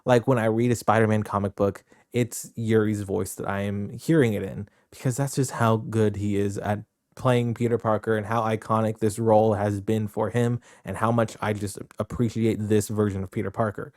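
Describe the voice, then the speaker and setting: A man's voice: fairly low pitch, steady tone, normal speed, a little mellow, no room sound, clean studio sound. A man adding casual, enthusiastic fan commentary about a game, conversational and friendly.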